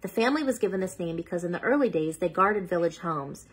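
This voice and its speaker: A woman's voice: on the low side, animated, quick pace, slightly rough, rough recording. A woman hosting a children's read-aloud, reading a picture book steadily and stopping now and then to sound out unfamiliar words.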